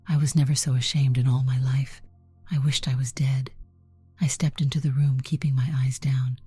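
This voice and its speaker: A woman narrates a first-person story in a soft, breathy, half-whispered voice. Her tone is remarkably deep and dark, with a husky edge. Gentle music plays faintly behind her. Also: dry recording. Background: soft background music.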